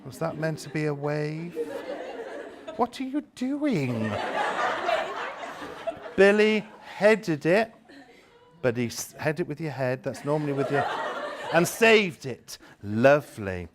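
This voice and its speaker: A man leading a lively workshop demonstration, theatrical and teasing as he directs volunteers. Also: a little high, slow, long pauses, a crowd in the background, background noise. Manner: theatrical, playful, teasing volunteers with exaggerated delight. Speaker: education trainer leading a seminar.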